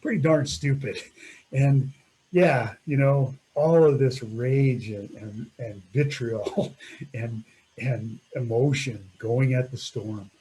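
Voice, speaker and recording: Man, middle-aged, storyteller, reflective and laughing, dark warm tone, standard pitch. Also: slow, slightly rough, rough recording. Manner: reflective, laughs often, trails off. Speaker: mountaineer telling a climbing story. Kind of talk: storytelling talk over slides.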